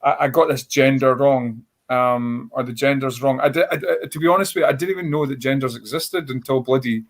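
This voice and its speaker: A man's voice: medium pitch, a little fast. A Scottish man in his forties, a comedian telling a rambling, blunt, self-mocking story on a panel show. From Scotland. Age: 40s. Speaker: stand-up comedian.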